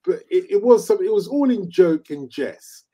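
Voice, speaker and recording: A man in his fifties hosting a casual chat, telling animated stories and laughing easily. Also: sits high, fairly quick. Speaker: host.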